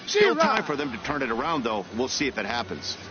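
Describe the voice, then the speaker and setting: A man talks baseball analysis in a lively, swinging voice with relaxed remarks. He sounds a little off-mic and muffled, with steady noise behind. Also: mid-range voice, brisk. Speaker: color commentator. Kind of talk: video game baseball color commentary. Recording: muffled distant game audio with noise.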